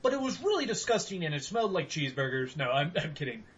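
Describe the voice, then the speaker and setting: A man's voice: a little high, very animated, fast talker, a bit bright, highs cut off. A young man hosting a podcast, telling rambling, profane stories in casual chat with bursts of laughter. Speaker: podcast host.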